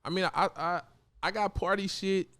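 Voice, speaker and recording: A man's voice: high-pitched, steady tone, normal speed, bright, forceful tone, clean tone. A man from Oakland, a rapper guest in a casual studio interview, talking in thick slang, laughing often and restarting his sentences. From Oakland, California. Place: podcast studio.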